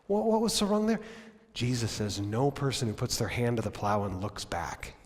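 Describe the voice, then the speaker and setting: A man, the pastor, preaching a lively sermon in a church. He acts out bits of dialogue in raised voices and drops to low, quiet tones for emphasis. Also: moderate pace. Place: church sanctuary. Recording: long church reverb.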